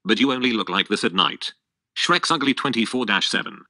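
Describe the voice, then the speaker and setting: A male text-to-speech voice reading the lines of a talkative, blunt male donkey in a flat, synthetic way. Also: mid-range voice, brisk, no echo, studio quality. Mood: chatty.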